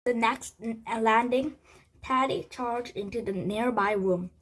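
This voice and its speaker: A woman reading a children's chapter book aloud, halting with frequent restarts and slips. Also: on the high side, a bit bright, low-quality recording. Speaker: storybook reader.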